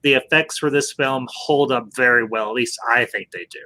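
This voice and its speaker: A man's voice: mid-range voice, moderate pace, bright, forceful tone. A man hosting a casual movie review chat, emphatic and restarting his words often. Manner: emphatic, keeps saying "I'll say this"; frequent word restarts. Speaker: host.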